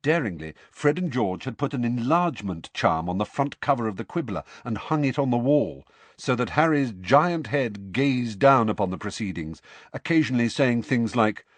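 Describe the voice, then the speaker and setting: A man narrating a storybook with an expressive, measured reading. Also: medium pitch, no room sound. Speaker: audiobook narrator.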